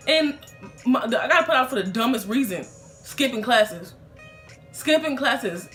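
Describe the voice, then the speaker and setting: A young woman tells a personal story in a loose, chatty vlog style, restarting sentences and leaning on fillers. Her voice sits a little high. Soft music plays faintly underneath. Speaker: YouTuber telling a storytime.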